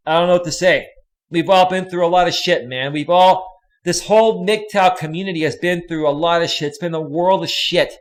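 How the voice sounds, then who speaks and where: A man's voice: high voice, moderate pace. A man hosting a live stream, swearing constantly and talking straight to his chat viewers. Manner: speaks directly to chat viewers by name. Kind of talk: angry live stream rant.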